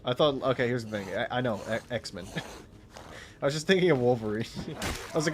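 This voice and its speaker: This man speaks in a mid-range voice at a fairly quick clip, with a little hiss or hum in the background. While streaming a game, he chats loosely with his viewers, wanders off topic and interrupts himself, laughs a lot, and curses without holding back.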